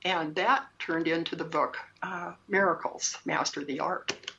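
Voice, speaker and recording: A woman speaks as an interview guest, earnest and emphatic, circling back to repeat her points. Her voice sits a little low. The recording is dull and lo-fi. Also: fairly even intonation, unhurried, creaky, pushed and bright, a little hiss or hum. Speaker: guest, shaman and spiritual teacher. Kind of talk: personal story in an interview. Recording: dull lo-fi sound.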